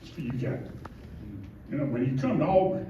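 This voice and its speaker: A man's voice: fairly high pitch, normal speed, warm tone, slight background noise. A middle-aged man giving a heartfelt, rambling acceptance speech at an event, joking about himself and getting emotional. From Georgia. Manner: rambling, heartfelt, self-deprecating. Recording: distant roomy mic with muffled sound.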